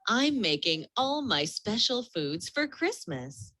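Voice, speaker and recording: A doting, proud old grandmother with a heavy accent, as a woman reading a storybook puts her on. She talks slowly, and her voice rises and falls widely. The sound is dry and close. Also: fairly high pitch, very animated, sharp tone, no echo, pitched above the performer's own voice, exaggerated voice.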